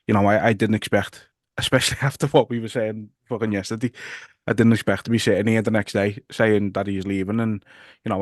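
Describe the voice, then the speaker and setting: Male podcast host, Liverpool accent, low flat voice, halting delivery, dry room. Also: no echo. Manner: halting, stumbling restarts, nervous laughs. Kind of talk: casual podcast chat.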